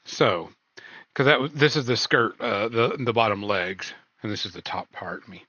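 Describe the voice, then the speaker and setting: A man's voice: on the low side, moderate pace, pushed and bright, no room sound, muffled recording. A man hosting a casual stream chat, loose and rambling, full of ums and uhs. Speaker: podcast host.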